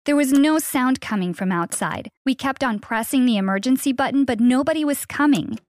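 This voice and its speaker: A young woman narrating a scripted first-person story in an earnest, steady way. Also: sits high, a little fast.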